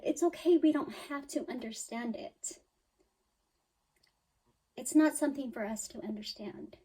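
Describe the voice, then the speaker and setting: A woman's voice: sits high, takes it slowly, pauses often, a little mellow, rough recording. A woman giving a spiritual tarot reading, talking straight to her listener in an emphatic, soothing way, with sighs and quoted worries. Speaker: tarot reader.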